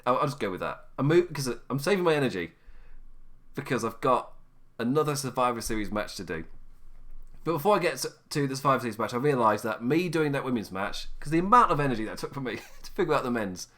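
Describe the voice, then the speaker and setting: A man's voice: mid-range voice, animated, quick pace, a bit bright. A tired man chatting on his own, rambling, often laughing and correcting himself. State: tired, low energy. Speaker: podcast host. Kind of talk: casual solo wrestling chat.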